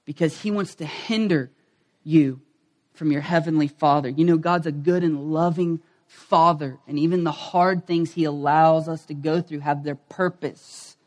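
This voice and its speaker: A man's voice: fairly high pitch, steady tone, a little slow. A middle-aged male pastor giving a conversational sermon, acting out quoted voices and asides to the congregation.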